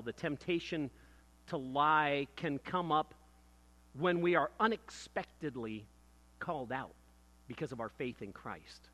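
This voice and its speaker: Male preacher, storytelling sermon, animated and bright. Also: a little high. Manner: storytelling, lively, self-deprecating, softens to a hushed reflective tone.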